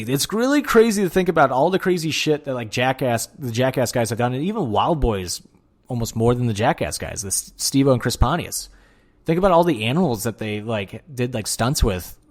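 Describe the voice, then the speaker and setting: Excitable, swearing male podcast host. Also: mid-range voice. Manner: excitable, swears a lot, many fillers. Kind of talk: casual solo podcast monologue.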